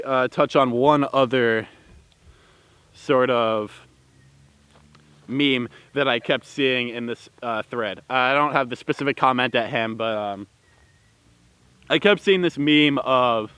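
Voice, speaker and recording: A man talks through his opinions slowly in a smooth, clear voice that sits a little high. He rambles and restarts often, and the room sound is dry. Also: a bit bright, no echo. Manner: rambling and heated, many fillers and restarts. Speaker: vlogger. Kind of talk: opinion commentary.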